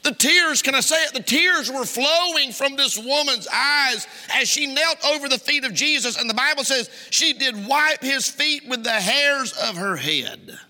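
A very high, expressive, sharp-toned voice belongs to a middle-aged pastor preaching at a measured pace. His sermon to the congregation is impassioned and full of rhetorical questions, recorded in a church sanctuary with long reverb.

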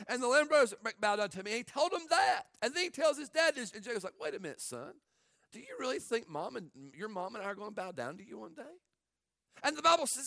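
A man preaching a sermon in an animated way, acting out the people in his story in different voices. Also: very high voice, no room sound, studio quality. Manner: animated, acts out quotes in varied voices. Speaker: pastor.

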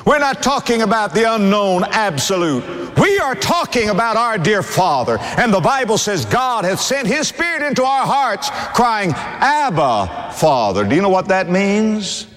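A middle-aged male pastor preaching a sermon, telling stories and swooping from high to low as he speaks. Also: sing-song, measured pace, few pauses, a bit bright. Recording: long hall reverb.

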